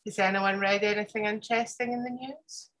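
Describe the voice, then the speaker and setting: A woman in casual chat, throwing in sharp, teasing quips. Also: medium pitch, steady tone, fairly quick. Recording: loud crowd noise behind.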